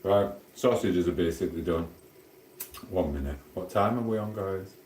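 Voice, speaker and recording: Cooking at home, a middle-aged man from Sheffield, South Yorkshire, chats casually with his livestream viewers in a Sheffield Yorkshire accent, rambling in matey, friendly banter. He speaks low-pitched at normal speed with a darkish tone. The recording has a roomy echo and a little hiss or hum.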